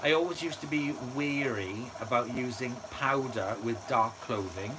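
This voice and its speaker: A man's voice: medium pitch, moderate pace, noisy background. A man hosting a live stream, chatting enthusiastically and reading out viewer comments with frequent fillers. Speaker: channel host. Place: indoors at home near a running washer.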